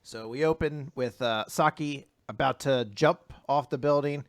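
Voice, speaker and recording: A man's voice: medium pitch, a little slow, no room sound, clean studio sound. A man co-hosting a casual manga recap podcast, swearing and laughing often as he retells chapters. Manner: profane, laughing, acts out quotes. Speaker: podcast co-host.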